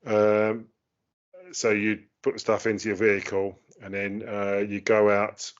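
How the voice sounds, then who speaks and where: A man co-hosting a casual chat, talking in a hesitant way with many pauses and fillers. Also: on the low side, completely flat delivery. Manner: hesitant, lots of ums and uhs. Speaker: co-host. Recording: dull lo-fi sound.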